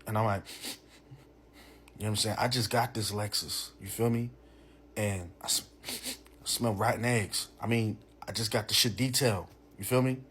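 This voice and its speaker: A young man, telling a profane, animated personal story in a casual way. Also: on the low side, normal speed, pauses often, slight background noise. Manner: animated, profane, full of "you know what I'm saying".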